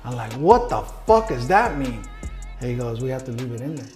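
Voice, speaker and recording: A man's voice: mid-range voice, sing-song, moderate pace, a little mellow, faint music behind. A middle-aged man telling his story in a casual interview, blunt and heavy on swearing, acting out the people he quotes. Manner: profane, blunt storyteller who acts out quoted dialogue.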